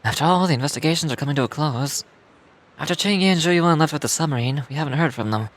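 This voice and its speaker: A man's voice: a little high, fast talker, lightly acted. An actor playing an eager young man in a game, upbeat and encouraging, over background music. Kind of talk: dubbed game dialogue.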